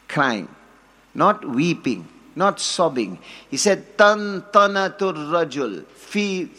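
Male preacher, high voice, bright tone, sermon with Arabic quotes. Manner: storytelling, quotes Arabic, rises to forceful emphasis.

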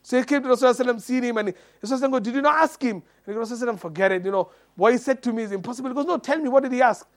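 High-pitched preacher man, acts out the dialogue, lots of uhs and you knows. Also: rapid-fire, few pauses. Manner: animated retelling, acts out quoted dialogue, many fillers. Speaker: Islamic preacher. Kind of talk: storytelling sermon.

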